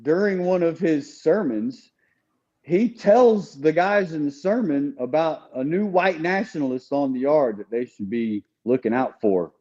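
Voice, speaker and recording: A man's voice: a little high, measured pace, dark tone, dull audio. A man telling a story in casual podcast chat, talking conversationally with frequent restarts. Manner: conversational, with repeated restarts and "you know". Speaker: podcast guest.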